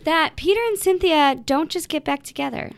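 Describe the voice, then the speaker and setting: A woman co-hosting a podcast in casual chat, gushing and animated, with lots of "like". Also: high-pitched, normal speed, gravelly. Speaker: podcast co-host.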